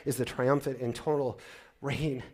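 A middle-aged male pastor delivers a sermon in a mid-range voice at a measured pace. His delivery swings animatedly from loud excitement to hushed, choked-up moments.

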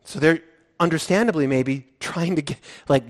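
Animated, playful male preacher. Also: on the high side, normal speed. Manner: animated, playful, acts out the disciples' lines. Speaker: pastor. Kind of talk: sermon.

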